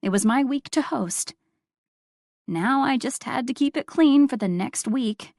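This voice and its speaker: Woman narrator, first-person audiobook, wry and expressive, slow unhurried delivery, dry close sound. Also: mid-range voice, no echo.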